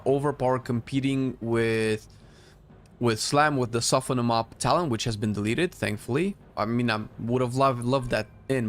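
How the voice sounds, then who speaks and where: A man streaming a game, chatting casually with viewers and giving blunt opinions while thinking aloud with frequent restarts. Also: mid-range voice. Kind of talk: casual live-stream commentary answering chat.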